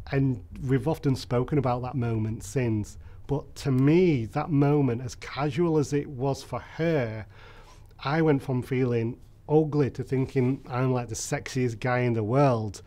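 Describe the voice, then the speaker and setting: A man tells his own story in an interview. His voice sits at a middle pitch, and he speaks candidly and reflectively, often pausing on soft fillers. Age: 30s.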